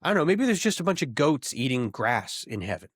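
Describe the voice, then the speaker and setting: A man co-hosting a podcast, rambling through jokey theories and thinking out loud in casual chat. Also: medium pitch, big pitch swings, brisk, breathy edge, dry recording, studio quality. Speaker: podcast co-host.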